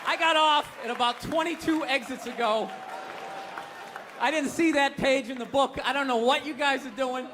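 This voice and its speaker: A man's voice: very high voice, moderate pace, a crowd in the background, noisy background. A man doing a stand-up comedy routine on stage, ranting in an exasperated, profane way. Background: audience laughter.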